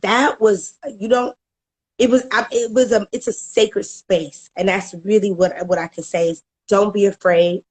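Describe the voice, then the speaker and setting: A woman's voice: mid-range voice, steady tone, unhurried, breathy edge. A middle-aged woman, giving a candid personal testimonial about a coaching program, often repeating words and laughing as she goes.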